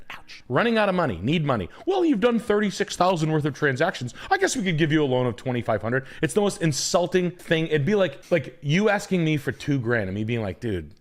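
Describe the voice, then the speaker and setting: A man hosting a casual podcast, ranting bluntly and profanely and sometimes jumping into a shout. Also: mid-range voice. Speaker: podcast host.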